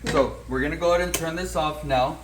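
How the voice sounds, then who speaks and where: A man's voice: on the high side, quick pace, noisy background. A man hosting a home cooking video, talking casually and checking in with viewers with a frequent "okay?". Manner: chatty, says "okay?" often. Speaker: cooking channel host.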